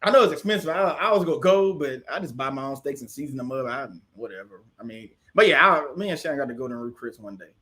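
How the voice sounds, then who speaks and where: A man's voice: mid-range voice, animated, fast, few pauses, bright, forceful tone. A man from the casually hosting a livestream, chatting with viewers and answering their comments, often laughing. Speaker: livestream host.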